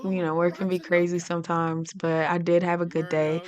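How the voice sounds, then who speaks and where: A woman's voice: lowish voice, little pitch movement, brisk, darkish tone, close to an everyday voice. A woman voicing a young engaged man in a life-sim game, an earnest and rambling talker who is easily hurt. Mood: relaxed.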